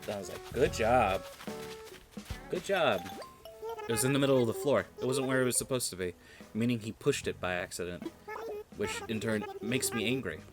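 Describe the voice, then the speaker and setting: A man's voice: on the low side, fast, over music. A man streaming a game, giving casual, rambling commentary and joking with his viewers.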